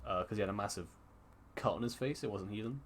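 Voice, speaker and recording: Speaking fast in a lowish, fairly bright voice, a man co-hosting a casual podcast over an online call rambles, keeps restarting, and swears a lot.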